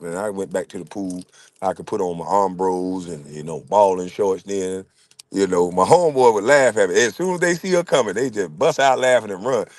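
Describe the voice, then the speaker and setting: A middle-aged man tells rowdy, profane stories and laughs his way through them. His lively voice swings up and down as he reacts to chat. The recording sounds close and dry. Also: fairly low pitch, no room sound. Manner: laughing, profane, animated storyteller. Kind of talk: casual profane storytelling.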